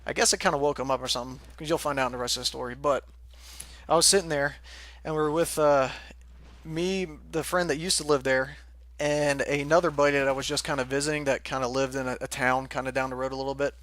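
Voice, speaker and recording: A man's voice: mid-range voice, flat delivery, fast, a bit bright, dry recording. A young man casually telling a rambling story, laughing often and swearing freely. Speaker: forum moderator telling a story.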